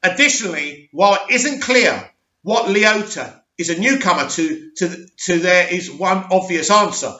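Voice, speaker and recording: A young man with a high, bright, forceful voice reads entertainment news, trips over names and breaks off into his own opinions. His voice is a touch hoarse. The sound is roomy and a little dull. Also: expressive, moderate pace. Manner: reads aloud, stumbles on names, adds opinionated asides. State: slightly hoarse voice. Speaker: host. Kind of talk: reading news articles with commentary.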